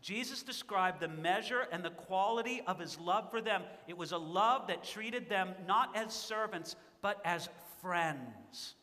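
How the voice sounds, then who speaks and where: Male pastor, bright high voice, earnest sermon delivery, hall reverb. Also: moderate pace, hardly any pauses. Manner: earnest, pleading, rising to emphatic.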